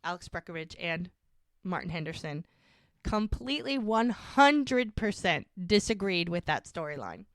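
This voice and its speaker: A woman's voice: fairly low pitch, sing-song, measured pace, no room sound, studio quality. A woman co-hosting a podcast, retelling a scene in casual chat and quoting the dialogue. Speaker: podcast co-host.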